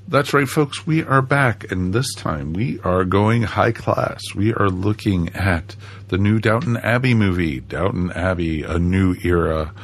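A man's voice: low-pitched, measured pace. A man hosting a podcast, chatting casually with a jokey, playful patter. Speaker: podcast host.

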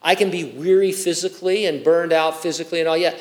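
A man's voice: a little high, steady tone, fast. A male pastor preaching a sermon, reading scripture and adding conversational, joking asides.

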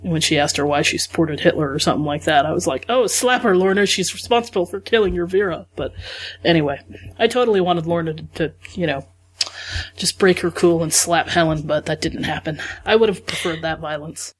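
A woman's voice: low-pitched, a little fast, slightly rough. A woman co-hosting a podcast in casual chat, chatty and jokey, poking fun at herself. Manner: chatty, jokey, self-deprecating. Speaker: podcast co-host.

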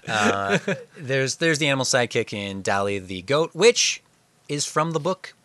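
A man's voice: medium pitch, animated, normal speed, pushed and bright, dry recording. A man co-hosting a movie podcast in casual chat, wry and joking while steering the talk. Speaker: podcast co-host.

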